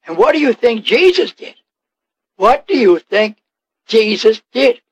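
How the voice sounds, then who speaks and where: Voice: medium pitch, very animated, unhurried, breathy edge. A preacher delivering a fiery, confrontational sermon, firing rhetorical questions at the listeners and drawing out key words for weight. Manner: drawls out key words, acts out scripture quotes.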